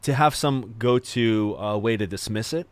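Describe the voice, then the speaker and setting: A man's voice: lowish voice, normal speed, dry recording. A man hosting a podcast, talking in an earnest, reflective way and repeating words for emphasis. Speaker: podcast host. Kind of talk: casual podcast conversation.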